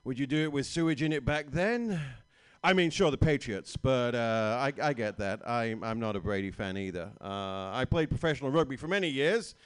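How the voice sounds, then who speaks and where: A man's voice: mid-range voice, animated, normal speed, clean tone. A man from Britain with a British accent, performing a stand-up comedy set in a small bar, dry and self-mocking with stammering restarts.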